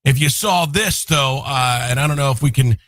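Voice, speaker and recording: A man's voice: medium pitch, normal speed, fairly bright tone, dry recording, soft background music. A man co-hosting a live morning show, talking in a rambling way with lots of fillers. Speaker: co-host.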